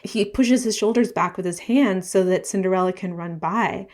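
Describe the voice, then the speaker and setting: A woman's voice: medium pitch, moderate pace. Woman co-host animatedly retelling a story. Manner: lively, animated plot retelling. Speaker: podcast co-host. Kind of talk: casual book discussion.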